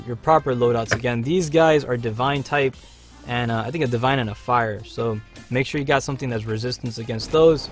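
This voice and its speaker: Hyped gaming livestream host, man. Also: medium pitch. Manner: hyped, chatty, slangy, cheers teammates. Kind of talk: live gameplay commentary. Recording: faint game music behind.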